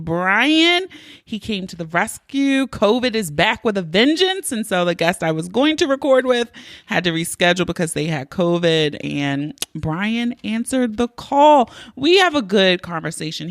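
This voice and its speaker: A woman's voice: medium pitch, dry recording. A woman hosting her own podcast, talking in a playful, chatty and freely profane way into a close mic. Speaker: podcast host. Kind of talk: casual podcast monologue.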